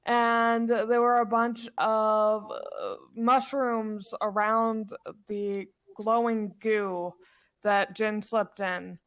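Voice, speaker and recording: A woman playing a tabletop game, speaking hesitantly as her character. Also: mid-range voice. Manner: hesitant, unhurried. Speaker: player.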